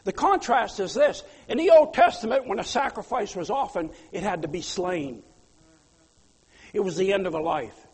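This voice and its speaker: A man preaching a sermon as a pastor, swinging between loud pleas and quiet asides. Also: high-pitched, animated, moderate pace, slightly rough. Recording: long hall reverb.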